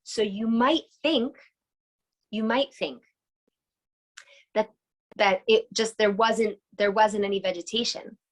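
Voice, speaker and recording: A woman's voice: mid-range voice, slow, pauses often, poor audio. A woman teaching a casual online lesson, enthusiastic and chatty, often asking her audience questions over a video call.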